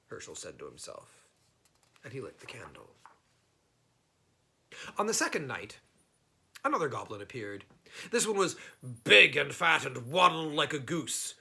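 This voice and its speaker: Unhurried man reading a storybook aloud. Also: medium pitch, creaky, bright, forceful tone, slightly rough.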